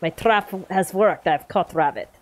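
A woman's voice: lowish voice, unhurried, natural voice. A woman voicing a blunt, dramatic Russian-accented persona in broken clipped phrasing, playing it up for joking game commentary. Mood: mock menace. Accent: put-on Russian. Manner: clipped broken grammar, mock menace.

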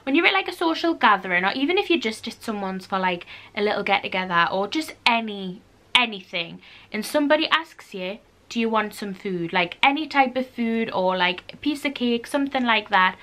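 Young woman, Geordie accent, twenties, bright tone, casual vlog chatter, animated, swears freely. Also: on the high side, brisk. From North East England. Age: 20s. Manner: animated, swears freely, acts out little quoted exchanges. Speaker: YouTuber. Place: indoors at home. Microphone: camera mic.

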